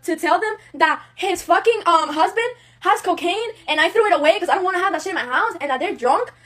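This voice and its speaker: On a live stream from home, a late-teen woman whose native language is Spanish rants angrily and profanely, upset and agitated, switching between Spanish and English. Her very high voice is fairly quick and a bit bright, with lively intonation.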